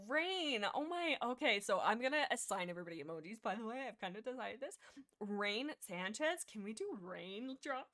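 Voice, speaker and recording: A woman hosting a livestream, chatting casually in a rambling, excitable way with lots of restarts. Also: a little high, normal speed. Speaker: livestream host.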